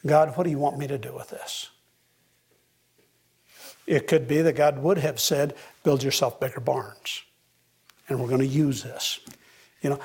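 Husky-voiced male pastor preaching earnestly. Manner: earnest preaching, rising pitch for emphasis. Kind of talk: sermon.

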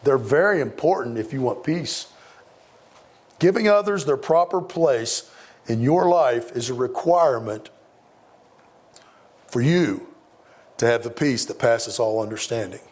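A man's voice: mid-range voice, expressive, a little slow, long pauses, darkish tone, breathy edge. A middle-aged man preaching a sermon, emphatic and given to repeating words for stress.

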